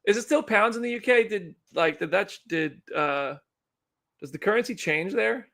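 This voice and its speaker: Gravelly-voiced man hosting a live stream. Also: high-pitched, expressive, moderate pace, a bit bright. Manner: rambling, chatty, self-deprecating. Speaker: livestream host. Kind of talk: casual live commentary.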